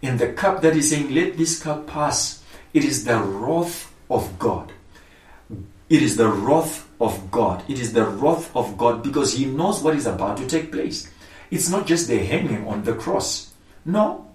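A male pastor preaching a sermon, emphatic and repetitive, with rising outbursts. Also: mid-range voice. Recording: echoey room, voice from far off the mic.

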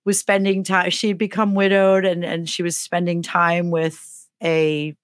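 A woman's voice: fairly low pitch, unhurried, dry recording, clean studio sound. A middle-aged woman co-hosting a podcast, telling a funny story in a casual way and acting out the voices in it. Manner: animated, acts out the voices in her stories. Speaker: podcast co-host.

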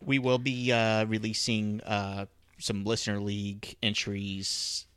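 Low-voiced casual podcast host. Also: male voice, slow pace, clear, resonant tone, dry recording, clean studio sound. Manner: relaxed, filler-heavy, conversational. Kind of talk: casual podcast chat with ad read.

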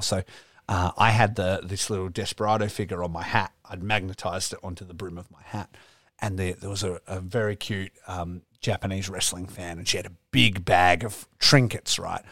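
A man's voice: low-pitched, vocal fry, no echo, studio quality. A young adult man, co-hosting a podcast and telling long, rambling, profane stories with plenty of laughing. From Australia. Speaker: podcast co-host. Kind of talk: casual podcast chat.

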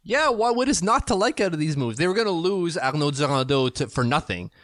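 A man from Canada co-hosting a podcast over a video call, talking casually and excitably, often restarting sentences and jumping up in pitch when he makes a point. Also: fairly quick, no echo, studio quality. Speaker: podcast co-host. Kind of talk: casual sports talk. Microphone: remote video call.

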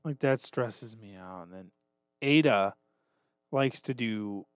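A man's voice: fairly low pitch, slow pace, smooth, dry recording, studio quality. A man in his thirties, a podcast co-host talking casually, self-deprecating and swearing a lot. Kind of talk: casual chat.

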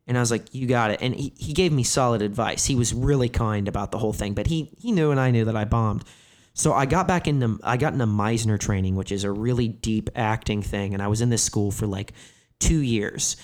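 A man's voice: on the low side, a little fast, darkish tone. Rambling man telling candid stories. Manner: rambling, filler-heavy "like" phrasing, profane. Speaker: comedian guest. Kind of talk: candid storytelling conversation.

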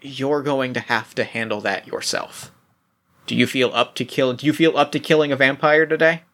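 Man doing a shrewd older woman fixer, armed, businesslike, bright tone, tabletop game. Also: medium pitch, moderate pace, natural voice. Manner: calm, businesslike offers with frequent restarts.

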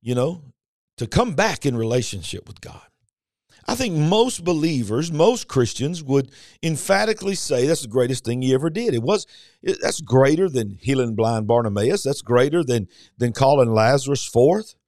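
A fervent preacher, his voice leaping from low, steady stretches into high, ringing swells. He drives his points with emphatic rhetorical questions in a dry, close recording. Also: moderate pace, no room sound. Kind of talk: podcast sermon.

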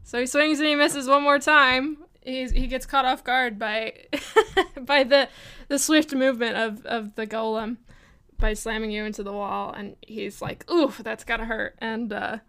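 A woman's voice: a little high, fairly even intonation, unhurried, bright, forceful tone, clean tone. A woman running a tabletop role-playing game as game master, narrating casually with many fillers.

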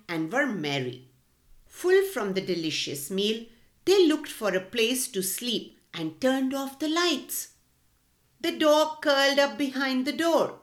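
A woman reading a storybook aloud to children in an expressive, slow and clear manner. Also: on the high side.

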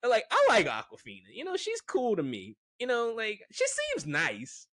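A man's voice: high voice, huge pitch swings, moderate pace, a bit bright, no echo, clean studio sound. A man giving a casual, rambling movie review, frank and full of fillers. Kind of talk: casual opinion monologue.

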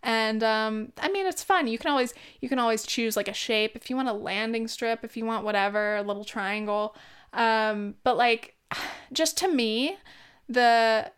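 A woman's voice: a little high, moderate pace, clear, resonant tone. A young woman in her twenties talking casually in a rambling way, full of "like" and swearing, with frequent laughs. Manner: rambling, lots of "like", swears freely, laughs often. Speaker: vlogger. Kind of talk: casual chat.

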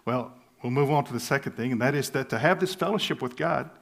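A pastor from the States, preaching an expository sermon in an earnest, emphatic way, slowing to hushed pauses and soft chuckles. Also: male voice, mid-range voice, vocal fry. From southern United States.

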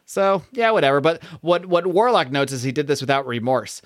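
A man in a casual comics podcast chat, rambling and animated, with side rants. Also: on the high side, fairly quick, dry recording, clean studio sound.

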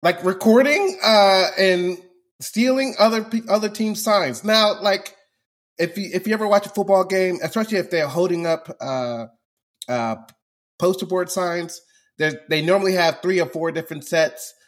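A man's voice: sits high, normal speed. A man co-hosting a podcast, ranting animatedly and laughing often. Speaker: podcast co-host. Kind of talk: casual chat.

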